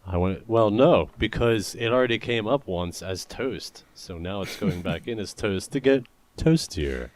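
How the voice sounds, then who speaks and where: A playful young man co-hosting a casual podcast, with a lowish voice that swings widely in pitch. He jokes around constantly and reads listener mail aloud. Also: animated, normal speed, few pauses. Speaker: podcast co-host.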